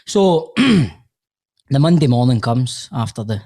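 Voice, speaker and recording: A man's voice: mid-range voice, big pitch swings, slow pace, creaky, mellow, breathy edge. A man with a Glasgow accent, a podcast co-host telling a story in casual banter, laughing and swearing as he goes. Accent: Scottish (Glasgow).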